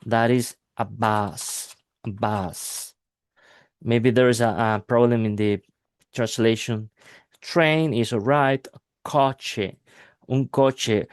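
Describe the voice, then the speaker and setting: A man of middle pitch, teaching English in an unhurried, hesitant way full of fillers. He speaks slowly and deliberately, working through examples. The recording is dry and close. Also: clean tone, no room sound. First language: Spanish. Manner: hesitant, many fillers, slow deliberate phrasing. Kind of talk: casual language lesson.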